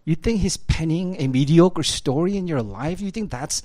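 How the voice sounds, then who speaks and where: A man's voice: a little high, lively intonation, normal speed, mellow. A man preaching a sermon as a pastor, in a conversational style with many fillers and tag questions. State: choked up at times.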